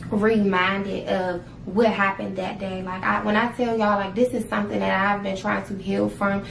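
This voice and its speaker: Woman, gravelly voice, halting emotional testimony, roomy room with faint hiss. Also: mid-range voice, level tone. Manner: halting, many fillers, visibly pained. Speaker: interviewee, eyewitness. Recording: roomy ambient recording, faint noise.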